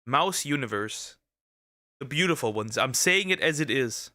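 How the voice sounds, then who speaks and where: A man's voice: mid-range voice, lively intonation, normal speed, sharp tone. A young man streaming a reaction to a video, rambling and joking in slang with many restarts. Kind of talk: casual reaction commentary.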